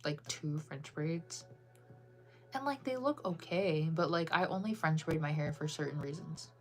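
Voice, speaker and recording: A woman's voice: deep voice, measured pace, darkish tone, soft background music. A woman chatting casually with viewers on a live stream, bubbly and full of "like" fillers.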